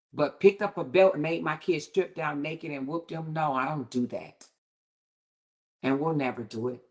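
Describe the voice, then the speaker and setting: A middle-aged woman with a low, deep-set voice hosts her own livestream, speaking in a casual commentary style from a home setup. She talks candidly and with emphasis, and her pitch shoots upward when she turns indignant. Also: fairly bright tone. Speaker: livestream host.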